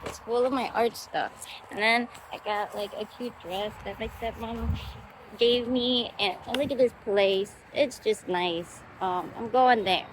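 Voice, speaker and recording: A woman's voice: a little high, a little slow, noisy background. A young woman vlogging in a loose, rambling way, chatty and easygoing, with lots of fillers, restarts and the odd curse word. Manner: swearing, easygoing. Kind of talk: casual rambling vlog.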